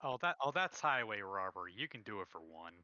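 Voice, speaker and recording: A man's voice: on the low side, big pitch swings, a little fast, pushed and bright, no room sound. A man playing in a tabletop game, haggling a bit hesitantly. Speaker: player. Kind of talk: casual play at a tabletop game. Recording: dull lo-fi voice.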